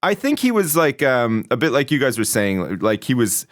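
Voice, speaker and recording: A British man chatting on a podcast, his pitch swinging widely as he tells stories and mimics people in a squeaky voice. The sound is dry and close, with no room around him. He swears freely and keeps a loose, laughing tone. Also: normal speed, dry recording. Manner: swears a lot, animated, acts out quotes in a high voice. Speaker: podcast co-host. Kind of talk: casual storytelling chat.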